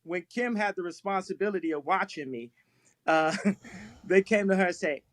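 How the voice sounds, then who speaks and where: A man telling stories in casual talk on a live stream, animated, laughing often and repeating himself. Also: high voice, normal speed, no echo. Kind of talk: casual storytelling.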